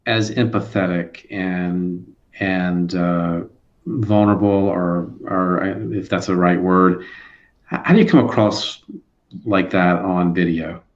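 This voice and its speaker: A man hosting a casual video interview, asking questions in a halting way with many restarts and fillers. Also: low voice, dull audio. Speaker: host.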